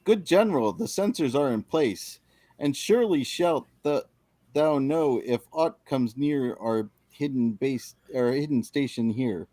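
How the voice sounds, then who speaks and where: A man's voice: medium pitch, expressive, unhurried, dark tone, no room sound. A man reading a roguish male space smuggler in Shakespearean-style verse. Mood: resolute.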